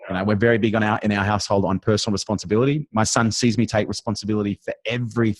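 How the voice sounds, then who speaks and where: Middle-aged Australian man, blunt and sweary, rapid delivery, dry close-up sound. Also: lowish voice, fairly even intonation, no room sound. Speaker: interview guest, business strategist. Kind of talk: casual interview chat.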